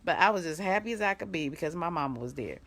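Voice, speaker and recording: A low, gravelly-voiced middle-aged woman talks live as a life coach. She tells stories in an animated way, breaking into quick laughs, then turns firm and direct when she gives commands. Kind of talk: motivational live video talk.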